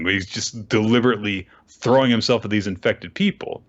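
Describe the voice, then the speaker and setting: A man co-hosting a podcast, recapping a comic chapter in a casual, lively way. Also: lowish voice, a little fast. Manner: animated retelling, jumps into character voices for quotes. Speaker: podcast co-host. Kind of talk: casual recap with acted-out lines. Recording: dull lo-fi podcast audio.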